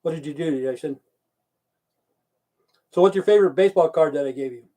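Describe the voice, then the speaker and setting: A man's voice: fairly high pitch, a little fast, warm tone. A man from Idaho hosting a live stream, chatting casually, swearing often and answering viewers' chat messages aloud. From Idaho, USA.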